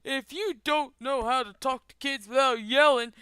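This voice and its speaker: A woman voicing an angry, entitled father who loudly demands answers from a bus driver, with a slight Southern twang. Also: high-pitched, normal speed, clean tone, no echo, studio quality, voice pushed up. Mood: angry, indignant. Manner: loud, demanding, indignant.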